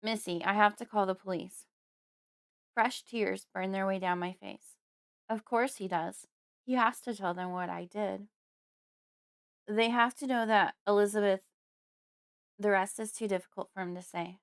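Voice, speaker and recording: Smooth-voiced woman narrating horror. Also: medium pitch. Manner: measured, storytelling. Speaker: audiobook narrator. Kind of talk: scripted first-person horror narration.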